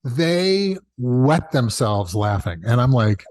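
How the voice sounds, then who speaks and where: A man being interviewed as a television showrunner, telling chatty, animated stories and acting out the dialogue he quotes. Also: moderate pace, dry recording. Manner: animated, acts out quoted dialogue with big pitch jumps; chatty, self-correcting, laughs at own asides. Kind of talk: casual interview storytelling.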